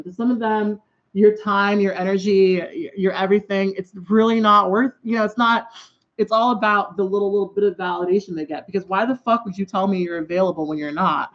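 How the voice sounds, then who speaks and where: A woman's voice: mid-range voice, fairly even intonation, a little fast, fairly bright tone, highs cut off. A woman vlogging in a casual, exasperated way. She swears heavily and talks while she puts on her eyeliner. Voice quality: heavy swearing, exasperated and blunt. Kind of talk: casual venting vlog.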